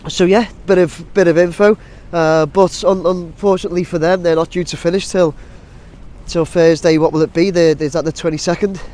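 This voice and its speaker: A man's voice: fairly high pitch, fairly even intonation, brisk, a little mellow. A man with a blocked nose from a cold, chatting casually and rambling with many ums and restarts, outdoors by a busy building site. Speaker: drone vlogger. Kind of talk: casual outdoor vlog chat. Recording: faint outdoor site noise. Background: faint site and traffic noise, wind.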